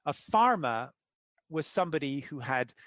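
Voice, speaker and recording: A man's voice: a little high, moderate pace, dry recording. A middle-aged man explaining his ideas as an interview guest, telling stories and acting out the people in them. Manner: animated storyteller, acts out quoted characters.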